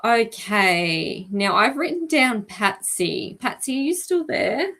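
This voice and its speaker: A woman hosting a live stream as an animal communicator, talking gently and chattily with many ums and asides. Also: a little high, sing-song, slow pace. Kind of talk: live-stream reading for viewers.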